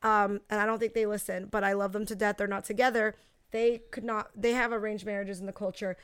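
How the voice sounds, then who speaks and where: A woman's voice: medium pitch, flat delivery, brisk, clear, resonant tone, no room sound. A young adult woman co-hosting a podcast, talking bluntly and swearing freely as she tells stories in casual chat. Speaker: podcast co-host.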